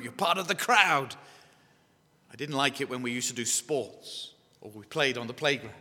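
With a husky, medium-pitched voice and a sharp tone, a man from England gives an evangelistic sermon in a church hall. He asks his listeners questions and keeps repeating key phrases, and long reverb from the echoey hall fills the recording.

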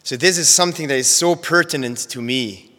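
A man teaching a sermon on Bible verses, measured and careful, often repeating and restarting phrases as he explains. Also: on the high side, pushed and bright. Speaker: preacher. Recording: long hall reverb.

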